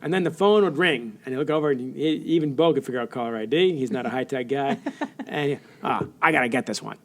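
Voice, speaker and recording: A middle-aged American man telling stories as a guest in an interview, animated and laughing often while he acts out quotes. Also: medium pitch, brisk. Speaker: author guest. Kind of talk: storytelling interview.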